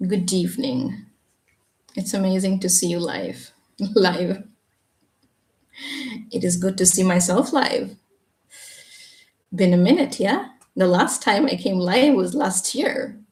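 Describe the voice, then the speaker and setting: A woman teaching English on a live stream, explaining patiently and checking in with a quick "yeah?". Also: mid-range voice, darkish tone. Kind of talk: live Q&A reading viewer comments. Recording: echoey room, voice a bit far from the mic.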